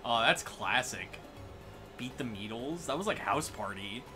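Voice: medium pitch, expressive, unhurried, over music. A game streamer joking and teasing through a let's-play session. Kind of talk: casual let's-play banter.

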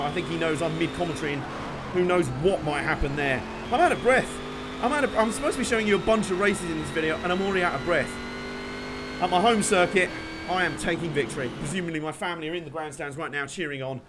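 A man hosting a gaming channel, giving animated, jokey commentary over a racing game he is playing. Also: a little high. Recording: game car noise under voice. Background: racing game engine noise.

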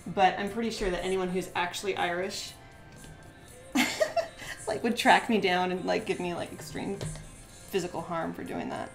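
A woman's voice: lowish voice, fairly even intonation, moderate pace, vocal fry, pauses often, faint music behind. A woman chatting casually while demonstrating a craft on a live stream, giggly and full of "like" fillers.

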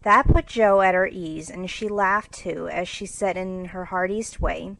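Measured woman reading a storybook. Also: fairly low pitch, gravelly, fairly bright tone, rough recording. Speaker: narrator. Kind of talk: storybook reading for English learners.

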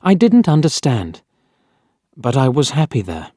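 A man reading a simple story aloud as narrator, clear and deliberate. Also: mid-range voice, huge pitch swings, dark tone, no echo, clean studio sound. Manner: clear, deliberate graded-reader delivery.

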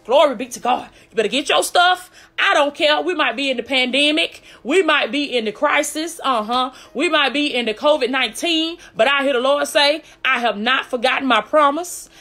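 A woman's voice: high-pitched, normal speed, few pauses, a bit bright. A woman preaching a fervent live-streamed sermon with a call-and-response cadence, repeating "glory be to God" between lines.

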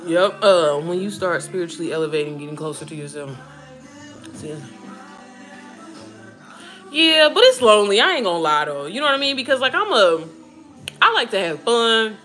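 A woman in her thirties chatting casually to her viewers, animated and talkative, calling them girl and baby. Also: medium pitch, moderate pace, long pauses, soft background music. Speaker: vlogger talking to viewers while cooking. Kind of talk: casual chat.

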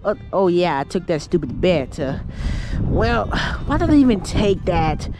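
A woman's voice: on the low side, big pitch swings, a little slow. A woman voicing a jittery young male plumber in a plush puppet comedy skit, who sighs and stammers when nervous. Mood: grumbling. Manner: anxious, sighing, stammering.

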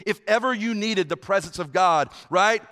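A man preaching a sermon as a pastor, passionate, swinging from hushed tones to loud, driving lines. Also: high voice, normal speed, long reverb tail. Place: church hall.

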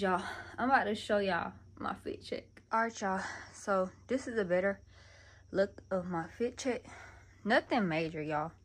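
A woman's voice: medium pitch, slightly rough. A young woman chatting to her viewers in a casual get-ready-with-me vlog, constantly calling them y'all. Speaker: vlogger. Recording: background noise with passing vehicles.

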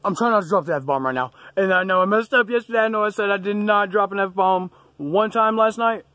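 A man's voice: sits high, fairly quick, bright, forceful tone, no room sound. A man vlogging a ghost hunt in a cemetery, exclaiming in surprise and talking to his viewers. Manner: startled, exclaiming, talks to viewers. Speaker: paranormal investigator. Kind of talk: excited on-site vlog commentary. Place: cemetery outdoors.

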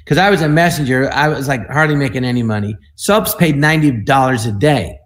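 Male, 60s, from the US. Panel guest, animated storyteller who acts out the dialogue. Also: mid-range voice, fairly quick. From United States. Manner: animated, acts out other people's lines in the stories. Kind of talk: anecdotal storytelling.

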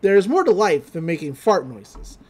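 A woman's voice: lowish voice, big pitch swings, moderate pace, darkish tone, husky. A woman voicing a genius cartoon pet pig, speaking in a lofty, grandiose way in her own everyday voice. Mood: solemn.

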